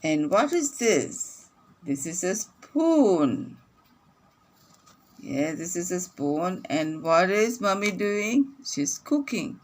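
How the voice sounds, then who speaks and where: A woman teacher reading a phonics lesson aloud to young children, repeating each sentence slowly and clearly. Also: fairly low pitch, sing-song.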